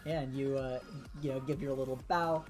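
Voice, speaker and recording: A man narrating a tabletop role-playing game as game master, relaxed and full of filler words. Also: medium pitch, brisk, soft background music. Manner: relaxed, filler-heavy narration with many uhs.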